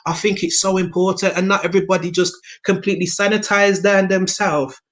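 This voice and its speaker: A woman from England, a guest in a casual conversation, talking in an animated, slangy way with lots of fillers. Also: mid-range voice, fairly quick. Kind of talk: casual video chat.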